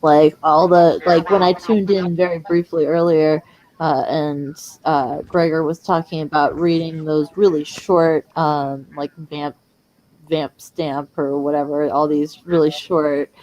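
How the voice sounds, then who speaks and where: Deep-voiced enthusiastic woman co-host. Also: little pitch movement, unhurried, darkish tone, highs cut off. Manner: enthusiastic, agreeable. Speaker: podcast co-host. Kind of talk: casual interview chat.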